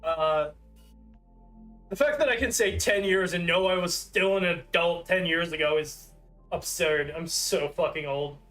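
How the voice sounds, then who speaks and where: A man's voice: on the high side, measured pace, fairly bright tone, faint music behind. A man in his thirties chatting casually on a livestream, rambling and self-deprecating with lots of fillers. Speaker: streamer.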